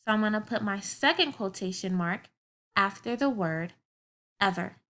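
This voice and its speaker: A woman's voice: medium pitch, lively intonation, moderate pace, pushed and bright. A woman teaching a grammar lesson to children, explaining patiently step by step with everyday examples.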